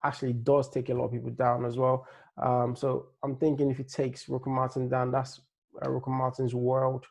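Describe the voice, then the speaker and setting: A relaxed man with a slight Nigerian-tinged accent talks through fight picks in a loose, rambling way. His voice is gravelly and low-key, and his pitch stays fairly flat as he hunts for words between fillers. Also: normal speed. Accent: Nigerian-tinged English. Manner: laid-back, rambling, many fillers and restarts. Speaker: MMA fight analyst. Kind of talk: casual fight-prediction breakdown.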